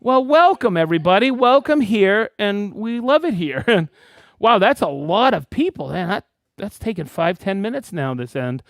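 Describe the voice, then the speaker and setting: A man hosting a weekly live stream, reading out viewers' names and hometowns with excitement. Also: high-pitched, moderate pace, no echo, studio quality. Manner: lively, reads viewer names and places with excitement. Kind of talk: live stream shout-outs.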